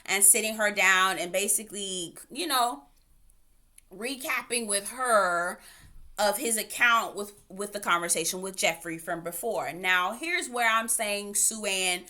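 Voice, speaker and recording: A woman's voice: mid-range voice, measured pace, sharp tone. A woman giving a casual, opinionated recap of a reality dating show, with sassy asides. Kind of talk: casual recap and commentary vlog.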